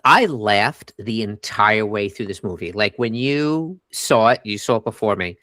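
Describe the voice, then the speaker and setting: Lower-pitched man in casual review chat. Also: no room sound, clean studio sound. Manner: animated, quoting scenes in quick bursts. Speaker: podcast co-host.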